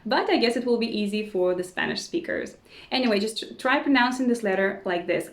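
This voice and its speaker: A woman teaching a language lesson who says each word slowly and repeats it several times, with short words of encouragement. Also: medium pitch, roomy sound. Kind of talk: slow repeat-after-me pronunciation lesson.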